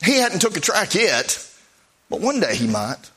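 Folksy, animated male preacher telling stories. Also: high voice, measured pace, husky. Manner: folksy, animated anecdotal preaching with acted-out dialogue. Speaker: preacher, missionary. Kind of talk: sermon storytelling.

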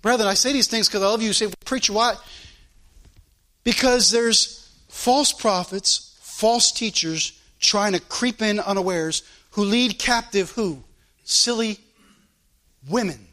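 Guy preaching hard, really high bright voice, quotes scripture like the old bible, fired up pastor. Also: measured pace. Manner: fervent preaching, quoting scripture in old-style wording. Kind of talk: sermon.

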